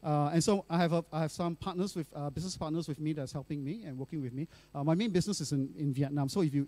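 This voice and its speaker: A man's voice: a little high, darkish tone, no room sound. A middle-aged male pastor, telling a personal story in a sermon in a chatty way, full of fillers and tag questions.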